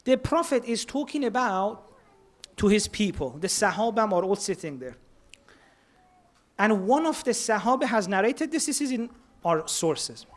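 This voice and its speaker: A man's voice: high voice, big pitch swings, moderate pace. Earnest man preaching. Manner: earnest, mixes Persian words into English. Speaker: speaker at a religious centre. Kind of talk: sermon.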